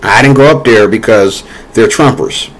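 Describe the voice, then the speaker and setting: A man from the United States with a fairly low-pitched voice speaks at normal speed, and the audio is poor. As a vlogger, he rants about politics in a rambling, repetitive manner full of fillers, getting more heated.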